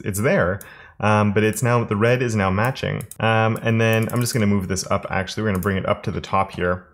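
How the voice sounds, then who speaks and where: In a screen-recorded coding tutorial, a man teaches web development while thinking aloud. His lowish voice sounds relaxed, with fillers and restarts along the way.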